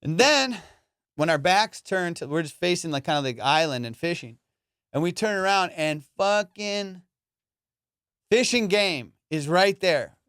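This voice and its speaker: A man's voice: sits high, measured pace, clean tone, dry recording, clean studio sound. A man hosting a comedy podcast, telling a story with lots of swearing and fillers. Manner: animated and profane, with lots of fillers.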